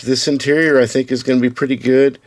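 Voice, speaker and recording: A man casually talking to camera as he shows the parts of a model car he is building, easygoing and unhurried, with the odd restart. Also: mid-range voice, little pitch movement, slight background noise. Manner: easygoing, talks to camera while showing parts, with small restarts. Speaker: hobbyist building custom slot cars. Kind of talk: casual build-update video.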